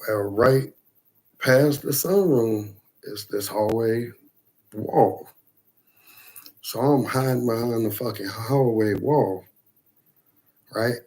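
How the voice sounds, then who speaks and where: Husky man telling a wild story. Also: medium pitch, slow pace, long pauses. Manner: profane, animated retelling of a scary night. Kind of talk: casual storytelling.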